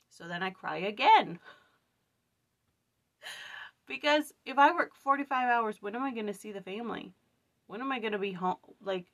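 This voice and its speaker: A woman talking casually in a scripture study vlog, tired and venting, telling an animated story about a hard day at work. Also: fairly low pitch. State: weary. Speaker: vlogger.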